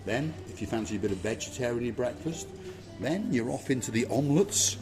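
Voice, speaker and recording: A man's voice: medium pitch, expressive, a little fast, over music. A man hosting a vlog, giving a playful, theatrical guided tour of a hotel. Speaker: vlog host. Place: outdoors and indoors at a hotel.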